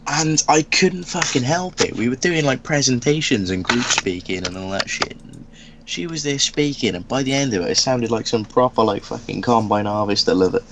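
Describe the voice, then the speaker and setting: A man's voice: medium pitch, moderate pace, background noise. Sweary young man telling school stories. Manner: animated, sweary, laughs while telling. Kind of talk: casual storytelling.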